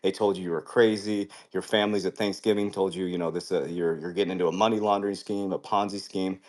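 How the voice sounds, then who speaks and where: Deep-voiced fervent crypto host, preachy. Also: male voice, fairly even intonation, fast talker, a little mellow. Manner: fervent, preachy, swears casually. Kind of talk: motivational live-stream talk.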